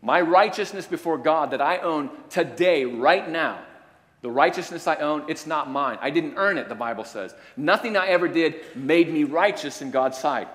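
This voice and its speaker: A male preacher delivering a sermon, swinging from quiet, low statements to loud, emphatic declarations. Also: lively intonation, normal speed. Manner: varies loudness, rising to emphatic declarations and dropping low. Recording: long hall reverb.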